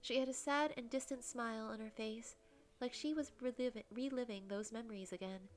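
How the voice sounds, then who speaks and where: A young woman with a soft, breathy voice reading a visual novel aloud in first person as a game streamer. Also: a little high, brisk, faint music behind.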